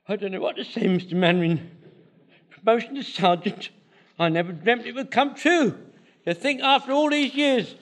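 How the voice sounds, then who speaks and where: An excitable old butcher. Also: male voice, extremely high pitch, full character voice. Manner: excitable, breathless, fussy. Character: flustered elderly male butcher, eager and loyal. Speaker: shopkeeper and volunteer soldier. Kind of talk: period sitcom acting.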